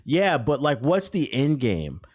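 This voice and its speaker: A man's voice: mid-range voice, unhurried. A man giving blunt, profanity-filled reaction commentary on gaming news, mocking what he reads aloud. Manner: blunt, animated, swears freely, mocks what he reads.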